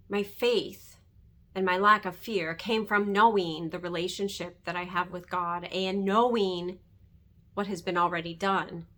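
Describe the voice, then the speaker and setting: A woman's voice: mid-range voice, pushed and bright. A middle-aged woman earnestly talking about her faith and fear, often checking in with "right?". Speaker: host. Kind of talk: faith-centered personal testimony.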